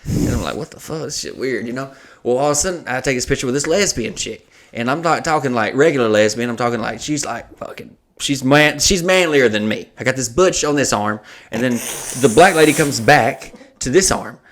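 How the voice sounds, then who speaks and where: A man, a comedian and podcast host, telling a profane, animated story in casual chat. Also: mid-range voice, a little fast.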